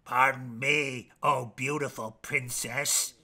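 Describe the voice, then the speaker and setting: A man's voice: on the high side, animated, slow pace, pushed and bright, heavily acted. A man voicing a sly male frog who puts on a sad, pathetic voice.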